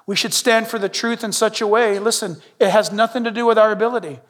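A middle-aged man preaching a sermon as pastor, animated and humorous, dropping at times to a hush. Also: high-pitched, fast. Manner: animated, humorous, shifts between loud and hushed. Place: church sanctuary. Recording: long reverb in a large hall.

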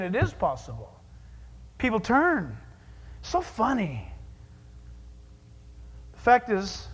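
Sitting high in pitch, a man preaches a sermon with animated jokes, swinging between hushed asides and loud exclamations. The recording has a big-room sound.

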